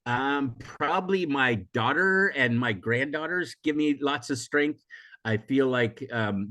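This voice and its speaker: An older man from the USA, a guest in an interview, talking in a rambling, reflective way with frequent restarts and laughter, still hoarse from a recent illness. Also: mid-range voice, a bit bright. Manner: rambling, self-correcting, laughs often. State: recovering from illness, coughing. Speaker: interview guest, emotional intelligence teacher. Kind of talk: casual reflective interview talk.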